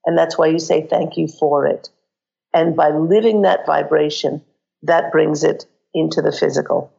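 A woman with a croaky voice giving psychic readings on a call-in radio show, earnestly guiding listeners through exercises. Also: low voice, steady tone, moderate pace, warm tone, highs cut off.

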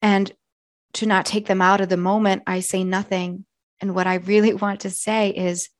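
A hoarse woman who coaches clients, speaking slowly and earnestly in a reflective personal monologue. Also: medium pitch, little pitch movement, no room sound, clean studio sound. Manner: slow, soft and earnest. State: hoarse from yelling. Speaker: wellness coach.

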